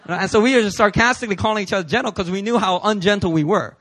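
A pastor in his thirties from New York preaching a sermon at a church service, telling stories with jokes and building to loud, emphatic shouts. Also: sits high, expressive, rapid-fire, few pauses.

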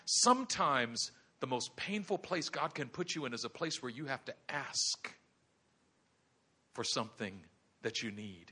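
A man preaching a sermon, telling the story dramatically and building to shouts at the high points. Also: a little slow, slightly rough. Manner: animated, dramatic storytelling with acted voices.

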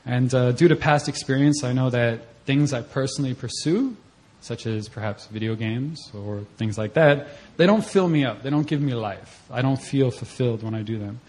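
A young man giving a personal testimony at a church service, telling the story in a conversational way and acting out his own reactions in a voice that jumps up high. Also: moderate pace, a little mellow. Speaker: church member giving a mission-trip testimony.

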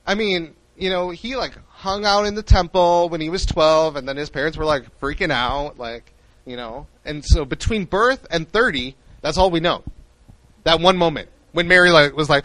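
A young man preaching a sermon in an animated way, acting out the voices he quotes. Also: a little high, moderate pace, no room sound, rough recording.

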